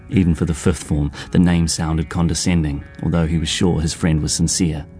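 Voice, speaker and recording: A man reading a novel aloud in a measured, even storytelling voice. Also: low-pitched, faint music behind. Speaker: audiobook narrator. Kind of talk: scripted narration.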